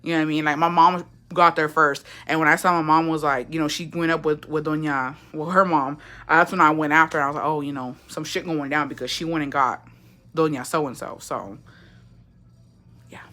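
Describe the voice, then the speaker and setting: A woman's voice: deep voice, steady tone, normal speed, sharp tone. A young woman hosting a livestream, telling a profane, gossipy family story with laughs and Spanish phrases mixed into her English. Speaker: livestream host. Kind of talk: casual storytime chat.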